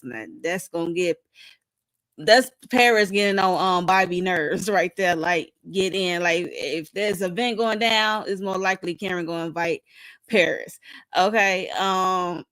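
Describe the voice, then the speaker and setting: A woman panelist on a video call, relaxed and a little hesitant, chatting casually about a TV episode. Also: lowish voice, normal speed, no room sound.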